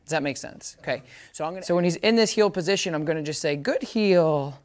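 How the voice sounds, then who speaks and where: Casual man teaching dog training. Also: fast. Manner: casual, explains while working a dog, sharp high praise commands. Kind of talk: hands-on training demonstration.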